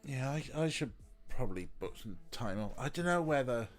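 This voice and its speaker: A man's voice: mid-range voice, lively intonation, moderate pace, soft background music. A man with a stuffy, snotty nose, chatting casually on a live stream, teasing and cooing at his pet between remarks to his chat.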